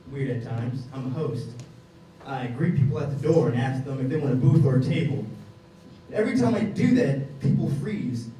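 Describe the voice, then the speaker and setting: Young guy doing stand-up, lively bouncy voice, echoey club, mic kinda far off, crowd noise. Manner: animated, acts out others in quick high bursts. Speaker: stand-up comedian. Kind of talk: stand-up comedy set. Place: comedy venue.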